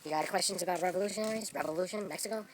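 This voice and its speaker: A man's voice: high-pitched, very fast, recorded from a distance, slight background noise, lightly acted, rough recording. A man in character as a grandiose self-proclaimed real Mexican, lecturing and boasting in a rambling improvised comedy monologue outdoors among trees. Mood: boastful. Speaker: vlogger in character.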